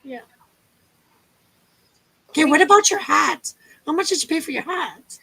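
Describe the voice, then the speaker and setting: A woman's voice: sits high, animated, a little slow, vocal fry, pushed and bright, dry recording, low-quality recording. A woman from Canada co-hosting a livestream, chatting casually with playful teasing jokes. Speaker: co-host.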